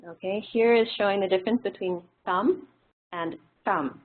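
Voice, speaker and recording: A woman's voice: mid-range voice, fast. Lady explaining stuff to a class, lots of ums, sounds like a phone line. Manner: relaxed, explanatory with frequent fillers. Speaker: teacher. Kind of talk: classroom lecture. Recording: tinny phone-like audio.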